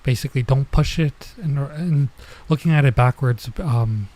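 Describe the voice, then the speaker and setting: A man's voice: mid-range voice, moderate pace, darkish tone. A man running a casual Japanese lesson, reading manga lines aloud and translating them with lots of filler words. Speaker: vtuber teaching Japanese.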